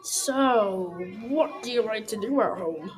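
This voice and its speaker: A woman doing a sly deep-voiced stranger. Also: animated, slow, loud music behind the voice, rough recording. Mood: coaxing. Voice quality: deep put-on voice. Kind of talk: storybook reading.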